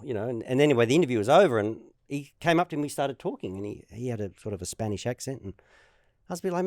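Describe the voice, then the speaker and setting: A man's voice: medium pitch, quick pace, no room sound, clean studio sound. An Australian man in his fifties, a former tennis player, telling stories as a guest in casual chat, acting out what people said. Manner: lively storyteller, acts out quotes.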